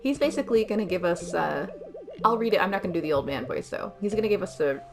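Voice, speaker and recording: A woman's voice: medium pitch, expressive, quick pace, creaky, over music. A woman co-hosting a video game let's play, chatting and encouraging her partner with frequent laughter. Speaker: co-host.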